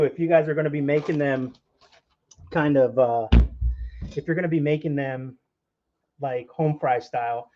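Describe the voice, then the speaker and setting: The medium-pitched, mellow voice of a young cooking channel host comes through dull audio as he works in his home kitchen. He chats with his live-stream viewers and jokes with them while cooking.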